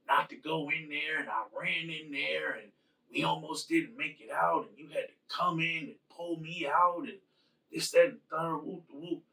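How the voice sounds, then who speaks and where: Guy doing upset soldier woman begging her partner not to die, gravelly voice. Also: fairly high pitch, fairly even intonation, normal speed, pushed and bright, echoey room, far from the mic, low-quality recording. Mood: pleading. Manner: pleading, then giving orders. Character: grieving female soldier at her partner's bedside.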